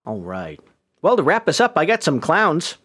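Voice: mid-range voice, wildly swooping pitch, moderate pace, a bit bright, slightly rough. A podcast host in casual chat, rambling with lots of hesitations and frequent giggles.

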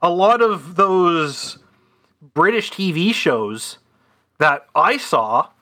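A man's voice: high voice, lively intonation, drawn-out words, pushed and bright. A man, co-hosting a podcast in dry, wry casual chat. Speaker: podcast co-host.

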